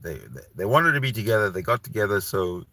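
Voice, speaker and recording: This Canadian host of a rambling solo livestream talks quickly in a fairly low, bright, forceful voice with big pitch swings. Heated and profane, he often restarts his sentences.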